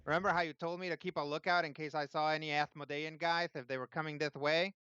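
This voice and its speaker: A man voicing an excited young tiefling boy who acts as a lookout, with an eager, breathless manner. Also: a little high, fast, clean tone, no room sound, lo-fi sound, pitched above the performer's own voice.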